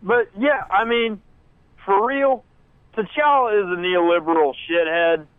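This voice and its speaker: A man's voice: sits high, unhurried, clean tone, no echo. A man calling in to a show, rambling and profane. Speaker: caller. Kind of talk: casual call-in chat. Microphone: phone call from a parked car. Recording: tinny phone line.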